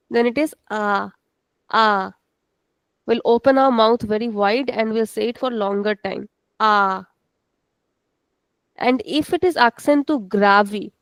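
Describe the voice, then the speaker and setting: A woman with a high-leaning voice teaches a language lesson step by step, checking in with "okay" and switching into Hindi to explain. There's no echo in the recording.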